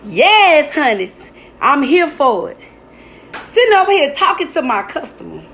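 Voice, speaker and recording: A woman's voice: sits high, big pitch swings, a little slow, fairly bright tone, slight background noise. A middle-aged woman giving an emphatic, preachy spoken testimony straight to her viewers. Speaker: vlogger sharing a testimony. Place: at her workplace with a customer nearby.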